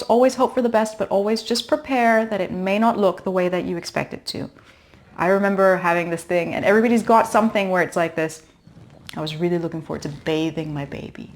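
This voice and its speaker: Earnest woman coaching expectant mothers. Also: fairly low pitch. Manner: earnest, encouraging, emphatic. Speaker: pregnancy coach. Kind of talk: direct-to-camera advice talk.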